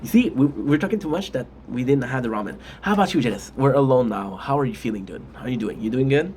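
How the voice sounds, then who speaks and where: A man's voice: medium pitch, lively intonation, quick pace, darkish tone, a little hiss or hum. A man chatting casually on a live stream while eating spicy food, rambling with restarts and frequent mm sounds.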